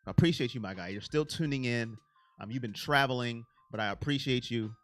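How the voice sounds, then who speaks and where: A man hosting a casual live stream on sports, answering his viewers' chat by name in an animated, self-confessed emotional way. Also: medium pitch, fairly quick, faint music behind.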